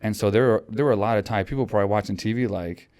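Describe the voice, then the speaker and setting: A podcast host rattles along in rapid-fire, lowish speech with a darkish tone. It's a casual chat, and he rambles with lots of fillers and restarts.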